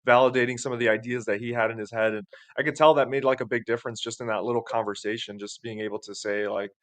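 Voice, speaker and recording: A man's voice: mid-range voice, steady tone, fast, no echo. A man hosting a podcast, talking in a reserved, thoughtful way during casual conversation. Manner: reserved, soft-spoken, thoughtful. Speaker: podcast host.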